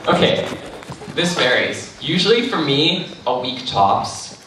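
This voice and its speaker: Laid-back guy on a con panel, lively bright voice, sounds far off in a big echoey hall. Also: a little high, slow, a little hiss or hum. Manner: chatty, laughs often, swears casually. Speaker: cosplay panel guest. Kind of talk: casual Q&A answers.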